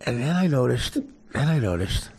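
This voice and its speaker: Podcast host, gravelly rambler; animated pitch, dry close sound. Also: male voice, moderate pace, no echo. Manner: rambling, stammering, laughing at his own jokes. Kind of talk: crude comedic storytelling.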